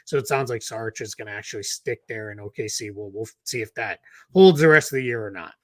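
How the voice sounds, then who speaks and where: A man's voice: lowish voice, fast, a bit bright, no echo, clean studio sound. A man with a Boston accent co-hosting a basketball podcast, talking through roster moves in a loose, casual way with fillers and restarts. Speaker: podcast co-host, basketball analyst. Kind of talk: casual chat.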